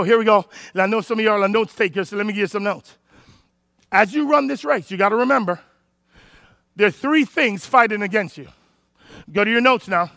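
High-pitched, bright-toned preacher man. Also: creaky, no echo, clean studio sound. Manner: animated, storytelling with bursts of shouting; talks to an online audience typing comments. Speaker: pastor. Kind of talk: sermon.

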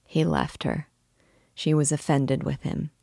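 A middle-aged woman guiding listeners through a classic novel, reading passages aloud and commenting on them in a measured, reverent way. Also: low-pitched, little pitch movement, gravelly, warm tone, no echo, clean studio sound. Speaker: book discussion guide.

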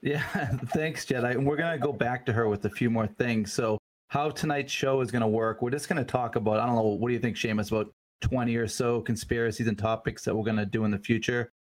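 A man's voice: medium pitch, fairly even intonation, a little fast. A man hosting a podcast in easygoing casual chat, rambling loosely through his points. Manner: easygoing, rambling, laughs easily. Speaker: podcast host.

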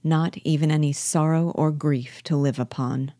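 A woman's voice: deep voice, steady tone, normal speed, dark tone, no room sound, clean studio sound. A woman reading the part of a dejected, timid widow in a play, in a subdued voice.

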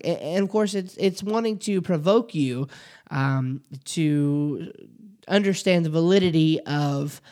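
Man, podcast host, slightly high pitch, filler-heavy delivery. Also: darkish tone. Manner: frequent uh and um fillers, restarts. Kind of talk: apologetics lesson podcast.

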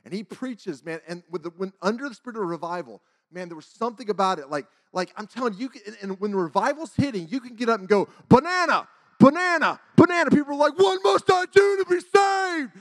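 A man in his forties shares a church testimony in a lively, casual voice and acts out every line of dialogue. His voice sits higher than most men's. The talk sounds loose and conversational. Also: quick pace, hardly any pauses. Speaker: church speaker. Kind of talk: testimony storytelling.

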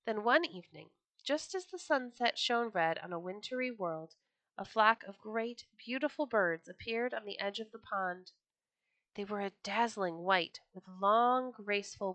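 Female storyteller, children's book reading, expressive, bright and dry. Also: medium pitch, no echo.

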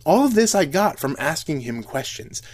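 A man's voice: on the high side, sing-song, normal speed. A man giving an earnest, reflective talk to an audience, often restarting his sentences. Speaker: speaker.

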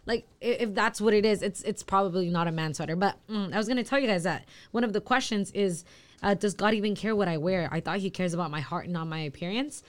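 A woman's voice: mid-range voice, fast talker. A woman in a casual church group discussion, speaking hesitantly with many fillers and restarts.

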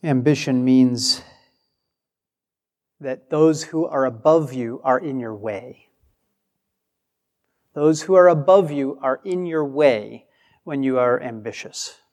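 Slow-preaching man in a reverberant hall. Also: medium pitch, darkish tone. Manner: emphatic, acts out quoted replies. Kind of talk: sermon.

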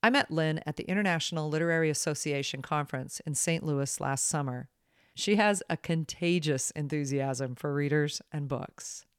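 A woman's voice: deep voice, normal speed. A woman hosting an education podcast, speaking in an earnest, reflective way. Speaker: podcast host. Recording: music bed under voice.

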